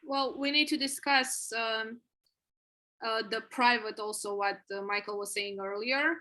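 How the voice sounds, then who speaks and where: Bright-voiced woman on a work call. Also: a little high, fairly even intonation, unhurried, poor audio. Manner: methodical, works through points step by step. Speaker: app tester on a team call. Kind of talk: casual work meeting.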